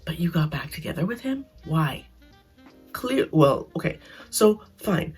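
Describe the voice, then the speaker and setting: A woman giving a casual, opinionated recap of a reality show, animated, blunt and sarcastic. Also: low voice, a little slow, breathy edge, soft background music. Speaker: reality TV commentator.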